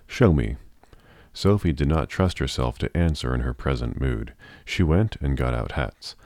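A man narrating a novel in a measured, even storytelling manner. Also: very deep voice, no echo, clean studio sound. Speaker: audiobook narrator.

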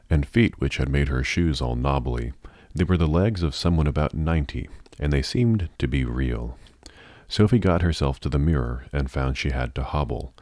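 A man narrating a novel in a measured, even storytelling manner. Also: rumbling low, no echo, clean studio sound. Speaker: audiobook narrator.

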